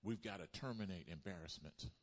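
A pastor delivers a sermon in a fairly low voice. He calls on the congregation to answer back and often swells into loud, emphatic bursts. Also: brisk. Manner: call-and-response preaching, rising to loud bursts.

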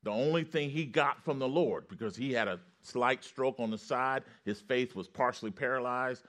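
A male preacher delivering a sermon, calling on the congregation to repeat after him. His voice sits in a middle range, and his storytelling builds to loud, excited peaks. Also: medium pitch, moderate pace.

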